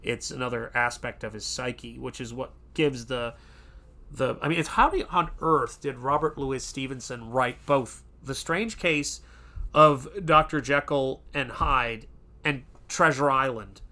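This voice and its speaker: A man's voice: medium pitch, sharp tone. A man hosting an art channel, chatting casually and rambling, with many fillers and restarts. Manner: does quick pirate voices in quotes. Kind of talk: casual livestream chat.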